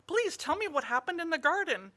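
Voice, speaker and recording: A woman voicing a calm, wise old male master monk in a parable, speaking patiently and in a measured way. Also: very high voice, pitched above the performer's own voice, heavily acted.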